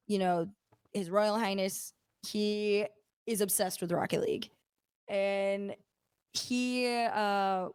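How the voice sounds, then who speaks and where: A young adult woman, an esports caster and event host, telling stories in casual podcast chat, full of fillers and quick asides. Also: medium pitch, clean tone, dry recording, studio quality. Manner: chatty storytelling with many fillers.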